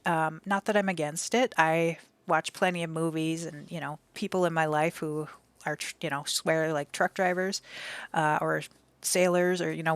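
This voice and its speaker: A young adult woman streaming from home, talking in a gentle, emotional way with many fillers and restarts. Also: lowish voice, no room sound. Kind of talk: casual live-stream chat.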